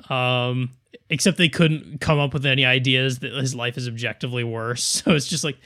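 A man in casual comedic chat, slowly building elaborate joke premises. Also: mid-range voice, fairly even intonation, pushed and bright.

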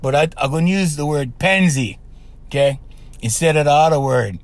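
A man talks through relationship advice on his podcast in a loose, emphatic monologue. His voice sits a bit high for a man and swings widely in pitch. He keeps punctuating points with "okay?" and "right?". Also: animated, normal speed. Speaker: podcast host.

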